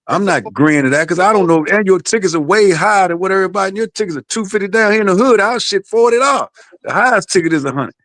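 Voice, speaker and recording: A man's voice: high voice, fast, a bit bright, dry recording. A man, the father of a boxer, telling a story in blunt, profane casual podcast talk.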